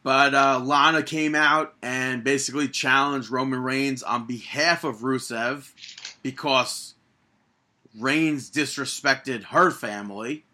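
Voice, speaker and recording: Young male podcast co-host, bright voice, opinionated and exasperated recapping. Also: medium pitch, steady tone, slow. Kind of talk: casual wrestling podcast chat.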